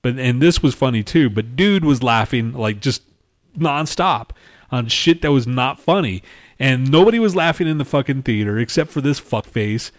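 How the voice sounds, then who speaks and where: A man in casual podcast chat, rambling through a story and swearing constantly. His pitch sits in an ordinary middle range. He acts out the people he complains about with loud, animated imitations. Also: moderate pace. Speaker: podcast co-host.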